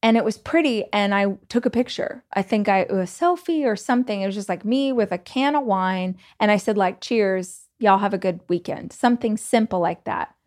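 A Southern American woman hosts her podcast in a loose, chatty monologue. She tells her story casually, filling her sentences with "like" and "you know." Her voice sits at a middle pitch. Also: a little fast, few pauses. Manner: chatty, animated, many "like"s and laughs. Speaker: podcast host and author.

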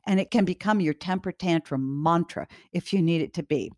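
A woman giving calm, direct advice to parents in an instructional talk, often repeating her key points. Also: on the low side, normal speed, few pauses, dry recording, studio quality. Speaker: parenting educator.

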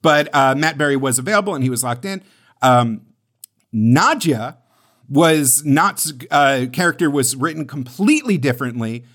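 A man's voice: medium pitch, expressive, moderate pace, a bit bright. A man co-hosting a casual chat podcast, rambling and self-deprecating with many fillers. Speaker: podcast co-host.

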